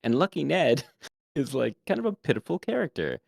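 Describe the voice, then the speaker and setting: A man's voice: medium pitch, moderate pace, gravelly, no room sound, clean studio sound. A man and game master, a guest giving casual tabletop roleplay advice and showing voices as he goes. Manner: animated, demonstrates voices.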